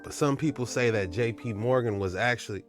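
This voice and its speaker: A man's voice: medium pitch, brisk, soft background music. A man hosting a casual commentary on viral clips, talking in a laid-back, slangy, rambling way. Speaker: host.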